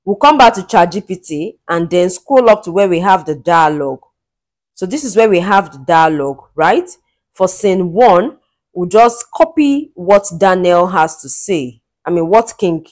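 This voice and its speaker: A woman's voice: fairly low pitch, a little mellow. A woman hosting a screen-recorded tutorial, guiding viewers step by step with eager enthusiasm. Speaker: tutorial host. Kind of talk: screen-recorded software walkthrough.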